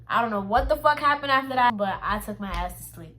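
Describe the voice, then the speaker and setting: A woman's voice: fairly high pitch, expressive, brisk, hardly any pauses, bright, forceful tone. A young woman vlogger telling a storytime to her viewers in a blunt, profane, emphatic way, speaking right to them. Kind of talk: casual storytelling to camera.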